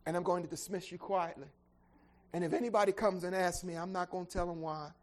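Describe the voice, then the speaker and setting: This is Joseph, a troubled young man engaged to be married, played by a preacher in the middle of a sermon. He speaks quietly and tenderly when resigned. In his suspicious moments he talks fast, high and loud. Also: steady tone, close to an everyday voice. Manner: earnest, pleading speech that turns to frantic, rapid suspicion. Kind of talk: sermon storytelling.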